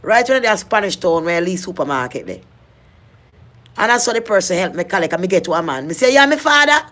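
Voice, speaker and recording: Speaking fast and animatedly in a fairly low voice, a middle-aged Jamaican woman recounts her life in heartfelt patois. She keeps circling back, repeating and restarting her phrases as she goes.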